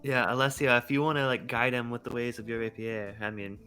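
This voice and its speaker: A man playing a tabletop game, making quick joking asides. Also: mid-range voice, level tone, sharp tone, faint music behind. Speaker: player. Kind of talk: casual chat at a tabletop game.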